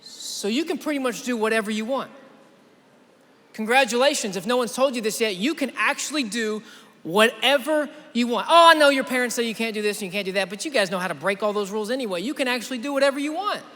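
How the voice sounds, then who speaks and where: High-voiced man preaching in a reverberant hall. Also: fast. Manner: energetic storytelling, addresses the crowd directly. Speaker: youth conference speaker. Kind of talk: sermon. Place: large church auditorium.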